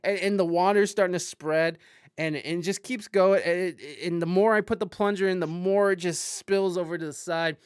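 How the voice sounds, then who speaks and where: A man hosting a podcast, casually telling a profane story with loud panicked outbursts and asides to live-stream viewers. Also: high voice, normal speed, clear, resonant tone, dry recording, clean studio sound. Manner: animated, profane, swings into loud panicked outbursts when quoting himself. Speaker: podcast host.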